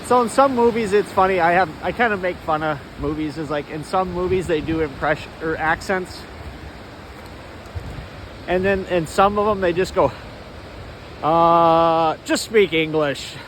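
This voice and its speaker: A man rambles through a loose monologue while walking outdoors, full of asides. His voice sits high for a man. A faint wind hiss touches the handheld phone mic. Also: moderate pace. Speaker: vlogger.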